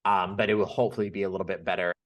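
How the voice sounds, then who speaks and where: A man's voice: low-pitched, level tone, racing. A man co-hosting a podcast, chatting casually in a loose, rambling way. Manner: loose, rambling, with fillers and restarts. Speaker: podcast co-host.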